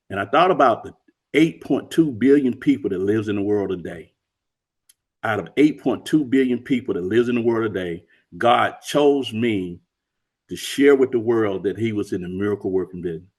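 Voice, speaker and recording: A middle-aged man telling an emotional personal story as an interview guest, earnest and acting out the dialogue he quotes. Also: on the low side.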